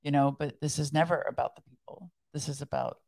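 A woman's voice: sits low, fairly even intonation, brisk, gravelly, darkish tone, poor audio. A woman co-hosting a faith podcast, chatting casually and praying aloud in a fervent, earnest way. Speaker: podcast co-host. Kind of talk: casual chat and spoken prayer.

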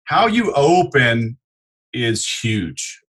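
Animated husky-voiced man telling sales stories. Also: medium pitch, drawn-out words, poor audio. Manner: animated storyteller, acts out customer dialogue. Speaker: sales expert guest. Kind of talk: podcast interview.

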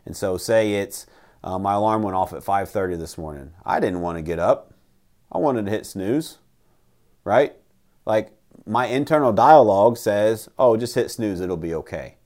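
A man's voice: fairly low pitch, normal speed, a little mellow. A man hosting a casual motivational talk, emphatic and blunt, who swears and keeps asking "right?".

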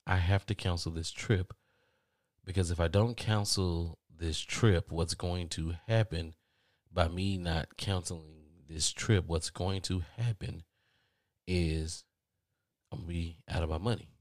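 A man's voice: deep voice, fairly even intonation, measured pace, no echo, clean studio sound. A man hosting a podcast, telling an exasperated story in a casual, profane monologue. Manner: exasperated storytelling, swears freely. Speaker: podcast host.

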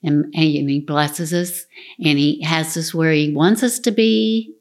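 Low-voiced devout middle-aged woman. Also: a little slow. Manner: earnest, devout. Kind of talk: casual interview, faith talk.

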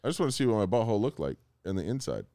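Animated swearing man telling stories. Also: on the low side, rapid-fire. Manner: animated storyteller, swears freely, acts out quotes. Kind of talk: crude casual banter.

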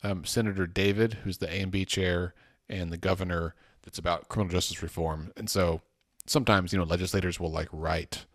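Deep-voiced casual podcast host, dry sound. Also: male voice, steady tone, a little fast, hardly any pauses, dry recording. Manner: rambling, self-correcting, joking. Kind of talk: casual policy chat.

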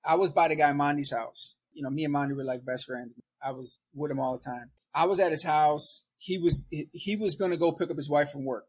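A man from Milwaukee telling a story in casual street slang, animated and often laughing. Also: fairly high pitch, brisk, hardly any pauses, slightly rough. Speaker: storyteller guest.

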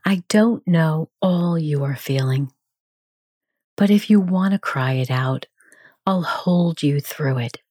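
A woman voicing a gentle friend who offers soft, soothing reassurance. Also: low voice, takes it slowly, dry recording, studio quality. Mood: tender.

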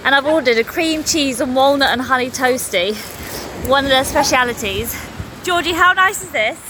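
A woman's voice: high voice, animated, normal speed, noisy background. A woman chatty, sweary comedian vlogging. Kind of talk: casual vlog chat. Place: home kitchen and seaside beach.

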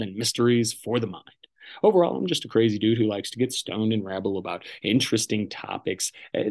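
A man's voice: on the low side, darkish tone. A man hosting his own podcast, talking alone in a loose, rambling way, swearing freely and often stopping to correct himself. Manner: rambling and profane, self-correcting with many restarts. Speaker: podcast host. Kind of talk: casual solo podcast monologue.

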